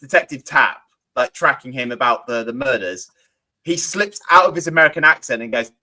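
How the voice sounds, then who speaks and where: A man in casual chat, excitable and quick to laugh, often restarting his sentences. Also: mid-range voice, low-quality recording.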